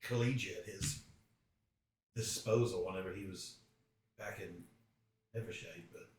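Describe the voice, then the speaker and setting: A man's voice: deep voice, measured pace, very echoey, distant mic, slight background noise, low-quality recording. A man playing at a tabletop game, musing in character and laughing often. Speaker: player. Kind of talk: casual in-character table talk.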